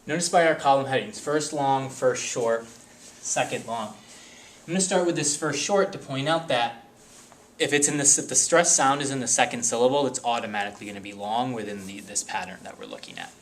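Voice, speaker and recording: A man's voice: medium pitch, brisk, slight background noise. Man teaching a spelling lesson. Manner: careful, explanatory, reads word lists one by one.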